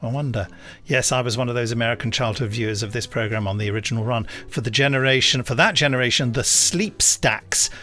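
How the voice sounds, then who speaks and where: A man hosting a podcast, chatting in a relaxed, anecdotal way and reading listener emails aloud with wry asides. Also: medium pitch, quick pace, soft background music. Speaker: podcast host. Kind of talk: casual chat.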